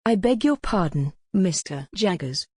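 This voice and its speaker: A woman's voice: lowish voice, unhurried, breathy edge, dry recording, studio quality. A text-to-speech woman's voice reading the lines of a polite, earnest young man in a classic novel audiobook. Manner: even, machine-read delivery.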